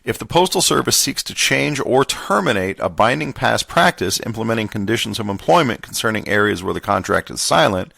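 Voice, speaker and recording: A man reading a contract manual aloud in a put-on Southern gentleman voice, measured and formal. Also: lowish voice, gravelly, dry recording, full character voice. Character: genteel Southern gentleman reading legal text.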